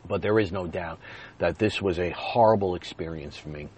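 A man's voice: sits low, moderate pace, darkish tone, a little hiss or hum. A man hosting his own podcast, talking earnestly and directly to his listeners in repeated, plain phrases. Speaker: podcast host. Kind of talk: personal podcast monologue.

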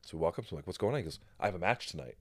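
A man with a very low voice hosts a casual podcast chat, telling his story with energy and acting out the other people's lines. He swears freely. The recording is dry and close to the mic. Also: racing, no room sound. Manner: animated storyteller, swears freely, acts out quotes. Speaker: podcast host.

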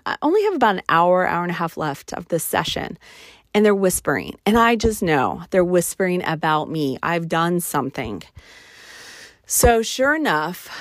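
A professional organizer telling a story in a casual, animated way, acting out the dialogue with indignation. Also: female voice, medium pitch, no room sound, clean studio sound.

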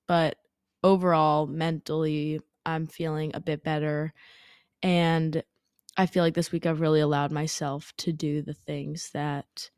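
A woman's voice: deep voice, darkish tone, smooth, no echo, studio quality. A young woman hosting a podcast, chatting candidly and casually with lots of "like" and casual swearing, a little under the weather. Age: young adult. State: congested, fighting off sickness. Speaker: podcast host. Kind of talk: casual solo podcast chat.

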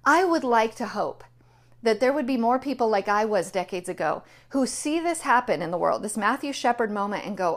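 A woman's voice: on the high side, lively intonation, moderate pace. A woman giving an indignant, emphatic political opinion monologue, repeating her key phrases. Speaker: political commentator.

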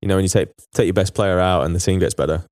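Guy with a lowish voice reading out emails on a podcast, dry close sound. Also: fairly even intonation, rapid-fire, a little mellow, dry recording. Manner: chatty, reads listener emails aloud. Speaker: podcast co-host. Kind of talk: casual chat.

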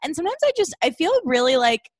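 Casting: woman podcast co-host, higher-pitched, frank and foul-mouthed, acts out quoted voices. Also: very animated, fast talker, dry recording, studio quality. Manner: candid, swears freely, acts out quoted voices. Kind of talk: casual chat.

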